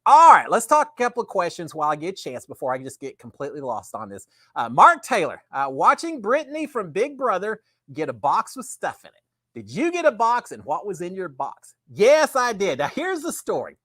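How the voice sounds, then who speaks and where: A middle-aged man with a drawl hosts a relaxed live show, chatty and rambling. His pitch swings up and down a lot. The sound is dry and close. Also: brisk, dry recording. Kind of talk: casual live-stream chat.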